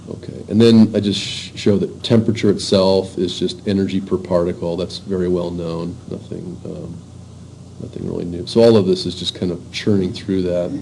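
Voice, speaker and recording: A male lecturer talks a class through the material in a relaxed, conversational way, stopping often to restart a thought. His voice sits low and mellow, and the delivery is unhurried and informal. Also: creaky, slight background noise, poor audio. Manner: informal, halting, many fillers and restarts. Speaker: university lecturer.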